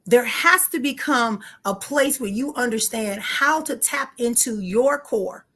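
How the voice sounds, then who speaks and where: A woman's voice: a little high, unhurried, fairly bright tone. A woman giving a live spiritual teaching, talking straight to her listeners in an emphatic way, repeating key phrases and picking up speed when she gets heated. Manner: addresses listeners directly and informally.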